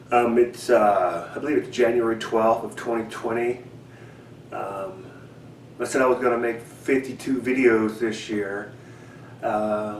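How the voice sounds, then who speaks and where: A man hosting a fishing how-to vlog from his home, rambling and halting with many ums and restarts. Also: on the low side. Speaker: fishing channel host. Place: home indoors. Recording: echoey room, mic at a distance, faint hiss.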